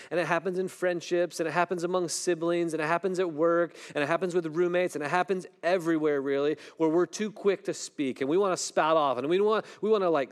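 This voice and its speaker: A middle-aged pastor preaches a sermon conversationally, often asking "right?" When a story turns tense, he drops his voice low and soft.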